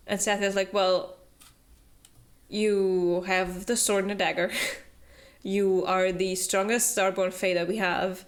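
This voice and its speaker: A woman's voice: medium pitch, steady tone, a little slow. A young woman summarizing a book for her club in loose, casual chat. She fills the talk with fillers and breaks into little acted voices for each character, laughing along the way. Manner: chatty, filler-heavy, acts out character quotes with laughs.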